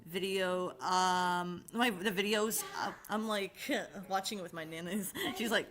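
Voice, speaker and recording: A woman's voice: medium pitch, moderate pace, hardly any pauses, fairly bright tone. Woman host just chatting, giggles a lot, rambles, swears casually. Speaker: channel host. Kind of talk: casual chat.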